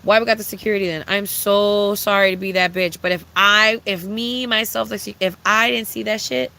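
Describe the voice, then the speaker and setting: A young adult livestreamer in casual, unscripted chat with viewers, talking bluntly and with a lot of profanity, ranting with lively swings. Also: medium pitch, moderate pace, gravelly, low-quality recording.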